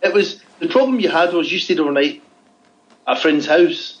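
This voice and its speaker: A man's voice: fairly high pitch, lively intonation, moderate pace. A man co-hosting a podcast, reading out odd news stories with dry, teasing asides. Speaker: podcast co-host. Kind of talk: casual chat. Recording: dull lo-fi sound.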